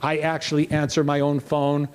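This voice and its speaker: A man's voice: fairly high pitch, normal speed, clean tone. A middle-aged man giving a motivational keynote talk, telling stories and acting out the dialogue. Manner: animated, acts out dialogue in quoted voices. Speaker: motivational speaker.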